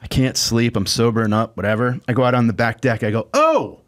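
A man's voice: mid-range voice, little pitch movement, fast, a little hiss or hum. A man who is a comedian guest, telling self-deprecating comic anecdotes in casual chat.

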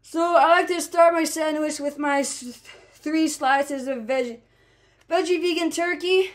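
A woman vlogger chatting playfully to the camera as she makes a sandwich, with sudden loud exclamations. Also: high-pitched, steady tone, unhurried. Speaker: vlogger and entertainer. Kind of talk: casual talk to camera while making a sandwich.

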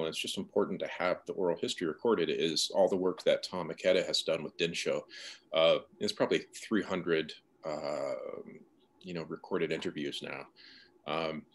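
A man, a novelist, speaking thoughtfully and personally as the guest in a conversational interview. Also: sits low. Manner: thoughtful, soft-spoken, personal.

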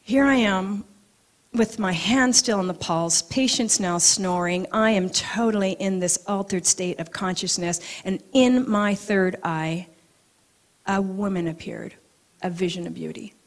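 An acupuncturist gives a talk in a mid-range, unhurried voice, telling a personal story with lively animation. She laughs easily and sometimes drops to a soft, hushed tone for emphasis.

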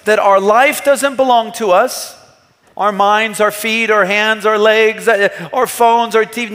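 High-voiced preaching man in a reverberant hall. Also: a bit bright. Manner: earnest, emphatic preaching with rhetorical questions. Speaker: pastor. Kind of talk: sermon. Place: church hall.

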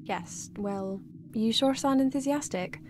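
A woman's voice: on the high side, unhurried, a little hiss or hum, natural voice. An actress voicing a polite but wary young mother in a video game. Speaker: game character.

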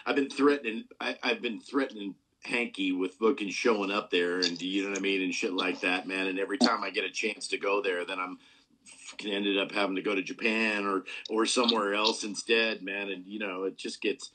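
Husky low-voiced man, rambling host. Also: fairly even intonation, a little fast, pushed and bright, poor audio. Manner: rambling, full of "man" and "dude", heavy swearing. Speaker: podcast host. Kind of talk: casual conversation.

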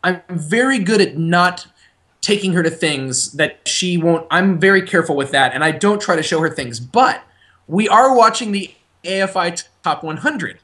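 A young man co-hosting a podcast talks in a high, expressive voice at normal speed, with a bit of brightness. In this casual chat he tells stories animatedly, often restarting his sentences.

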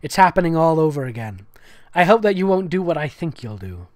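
A gentle, worried old candy-making man who speaks in a hushed tone, as a comedic reader puts him on. The voice is recorded dry and close, with lively shifts in pitch. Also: brisk, no echo, close to an everyday voice. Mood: hushed worry. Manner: quiet, hushed. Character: elderly male candy maker, worried and gentle.

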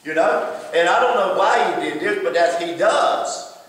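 Preacher, emphatic sermon, high voice, heard from far off in a big echoing church hall. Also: male voice, a little slow, fairly bright tone. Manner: emphatic, addresses listeners by name.

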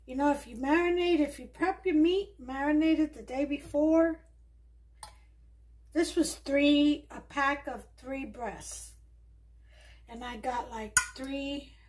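A woman's voice: sits high, warm tone. A woman with a mixed Southern and New York accent hosts a casual home cooking demonstration, chatting in a laid-back way while she works in her kitchen. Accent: mix of Southern US and New York. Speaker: cooking show host.

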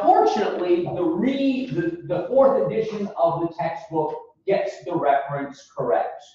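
A man giving a classroom lecture on ethics, animated and raising his voice when he acts out quotes. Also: high voice. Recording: distant lo-fi recording in a very echoey classroom.

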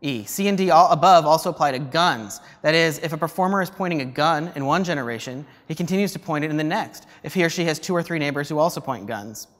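A man's voice: fairly high pitch, fast, hardly any pauses, fairly bright tone. A man giving an artist talk at a museum, explaining a play's rules with many ums and restarts. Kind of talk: lecture and script reading. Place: museum lecture space. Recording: reverberant hall.

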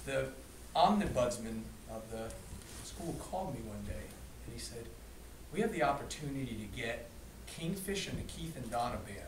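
A man casually telling a lively anecdote to a group, acting out quotes and laughing along. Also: medium pitch, moderate pace, background noise. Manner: animated, laughing, acts out quotes. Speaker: storyteller recounting a memory. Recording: echoey room, distant mic, crowd behind.

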